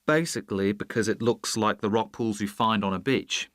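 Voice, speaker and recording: A man's voice: on the low side, normal speed, a bit bright, dry recording, natural voice. An earnest young design student played by a man in a scripted listening test, explaining his idea step by step. The recording is dry and close.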